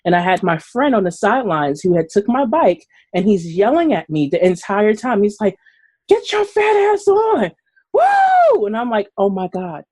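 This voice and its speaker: Husky-voiced woman telling animated stories. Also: medium pitch, fairly quick, hardly any pauses. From Brooklyn, New York. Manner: animated, laughing, acts out quotes. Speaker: guest runner. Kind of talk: casual storytelling on a live video chat.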